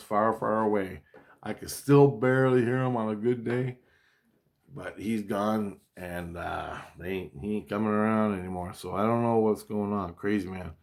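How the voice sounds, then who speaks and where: Telling a personal story, a man with a lowish voice talks in a loose, rambling monologue. His excitement shows in profanity and repeated exclamations.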